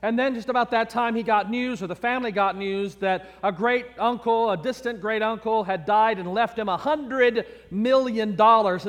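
A man's voice: sits high, a bit bright. A man preaching a sermon in a church, telling a joke story and acting out the characters' voices. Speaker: pastor. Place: church sanctuary. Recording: long church reverb.

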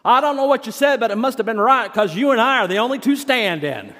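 A man's voice: very high-pitched, expressive, quick pace, background noise, pitched above the performer's own voice. A man playing a drowsy church deacon who has just jolted awake, sounding bewildered and earnest. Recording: long hall reverb.

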